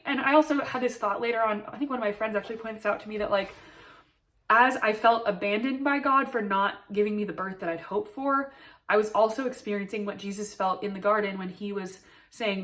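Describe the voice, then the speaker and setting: A woman's voice: medium pitch, fairly quick, fairly bright tone, far from the mic. A young woman telling a personal story to camera, earnest and emotional, with many "like" fillers. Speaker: new mother telling her birth story.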